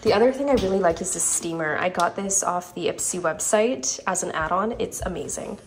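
A woman's voice: fairly low pitch, brisk, slight background noise. Congested woman in a chatty beauty vlog. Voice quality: nasal, stuffy. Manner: chatty, upbeat, trails off mid-sentence. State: congested from a cold. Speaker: beauty vlogger. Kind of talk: casual product chat to camera.

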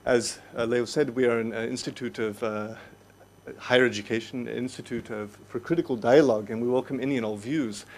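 A man's voice: mid-range voice, steady tone, a little fast. A male lecturer moderating questions at a lecture, speaking hesitantly with many fillers but firmly keeping the time. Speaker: discussion moderator. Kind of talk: chairing a Q&A. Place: lecture hall.

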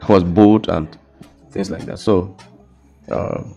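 Music plays behind a young guest with a Nigerian accent as he shares his personal testimony in a laid-back conversation. His very low, deep voice is halting and repetitive, frequently falling to a quiet, emotional hush.

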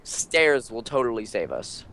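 A man's voice: mid-range voice, very animated, a little slow, gravelly, pushed and bright. A young man making sarcastic remarks while playing a co-op video game. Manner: sarcastic, dry jokes. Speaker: co-op game player. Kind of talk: casual gaming chat.

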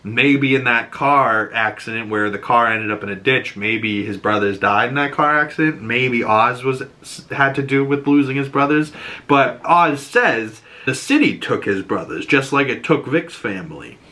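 A man's voice: medium pitch, animated, normal speed, pushed and bright. A man hosting a podcast, recapping a TV episode in a loose, chatty way with plenty of swearing and filler words. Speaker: podcast host.

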